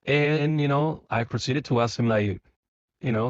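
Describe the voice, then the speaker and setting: A man's voice: mid-range voice, lively intonation, measured pace, no echo, muffled recording. Rambling man talking while driving. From Spain. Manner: rambling, many fillers and restarts. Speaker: vlogger. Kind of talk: casual monologue while driving. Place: car.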